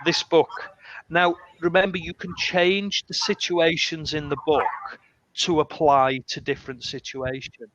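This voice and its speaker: This English teacher speaks a little slowly, his pitch fairly high, as he spins stories during a casual chat. Lively in manner, he performs his quotes with changing voices. Sound quality is muffled and lo-fi, carrying a faint hiss.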